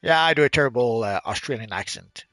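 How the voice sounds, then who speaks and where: A man giving relaxed, chatty gameplay commentary and explaining things to new players as he plays. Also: medium pitch, fast talker, dry recording, faint music behind. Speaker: gaming channel host.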